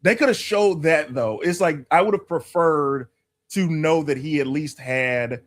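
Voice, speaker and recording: A man co-hosting a casual movie talk show, joking and laughing loudly. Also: fairly high pitch, measured pace. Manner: animated, laughs loudly, jokey. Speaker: podcast co-host.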